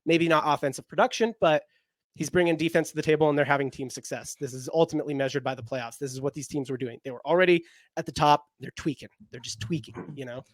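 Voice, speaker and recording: A young man co-hosts a casual basketball podcast, rambling and packing his talk with "like." His voice is on the high side and fast, recorded at studio quality without echo.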